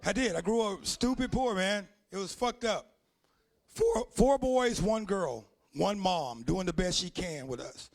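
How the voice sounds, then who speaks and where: A man performing a loud, profane stand-up comedy set on a club stage. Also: sits high, lively intonation, a little slow, gravelly. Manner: loud, profane storytelling with put-on voices.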